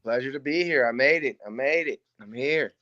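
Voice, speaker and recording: A man being interviewed as a guest, answering in a relaxed, easygoing way over a remote call. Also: mid-range voice, brisk, no room sound, lo-fi sound. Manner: relaxed, easygoing with small laughs. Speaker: guest fighter.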